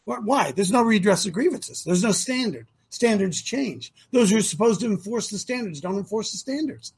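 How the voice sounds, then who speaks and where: A man's voice: high voice, lively intonation, moderate pace, a little mellow, slightly rough. An older man hosting an opinionated talk show, emphatic and firing rhetorical questions at his listeners.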